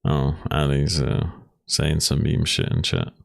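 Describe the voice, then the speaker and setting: A man's voice: rumbling low, a little slow, gravelly, no echo, clean studio sound. A man who casts games, chatting casually in a rambling, teasing way. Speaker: game caster. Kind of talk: casual chat.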